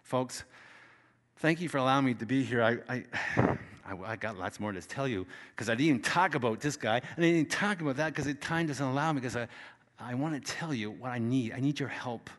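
A man preaching as a guest speaker at church, emphatic, swinging between loud exhortation and quiet asides. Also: mid-range voice, fairly quick, big-room sound. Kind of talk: sermon.

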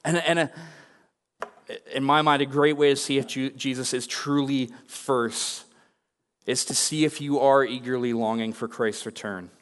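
A man's voice: mid-range voice, fairly even intonation, measured pace, a bit bright. A young adult man preaching a sermon as a pastor, speaking earnestly and personally. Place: church sanctuary. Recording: long reverb of a large hall.

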